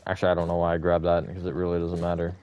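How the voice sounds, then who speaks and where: A man's voice: low voice, completely flat delivery, rapid-fire, darkish tone, a little hiss or hum. A man hosting a live stream, chatting casually with viewers in a rambling, self-correcting way and laughing often.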